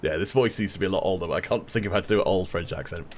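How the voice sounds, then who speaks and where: A man's voice: sits low, rapid-fire, few pauses, slight background noise. A man hosting a let's play, giving casual gameplay commentary with wry, joking asides.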